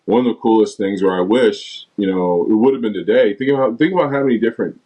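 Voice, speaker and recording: Low-voiced man telling a story. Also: quick pace, poor audio. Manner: animated storyteller, acts out teammates' lines. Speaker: former basketball player, guest. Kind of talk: casual storytelling interview.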